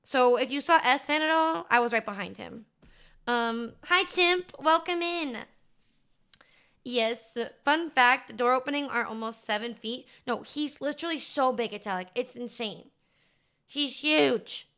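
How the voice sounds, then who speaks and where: Woman, streamer, high voice, smooth clear tone, gushing casual chat, lots of fillers. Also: expressive, measured pace, pushed and bright. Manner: gushing, chatty, many fillers like "um" and "like". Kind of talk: casual livestream chat recap.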